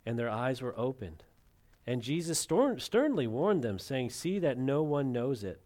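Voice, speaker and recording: Man, pastor, sermon, medium pitch, dramatic, shifts between loud and hushed. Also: sing-song, measured pace.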